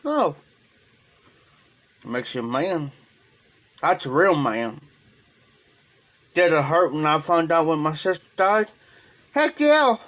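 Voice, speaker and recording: Rambling man on a livestream, higher voice. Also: expressive, takes it slowly, long pauses, fairly bright tone, muffled recording. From Ohio. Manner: emotional, rambling, repeats himself. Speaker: live streamer. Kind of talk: casual livestream monologue.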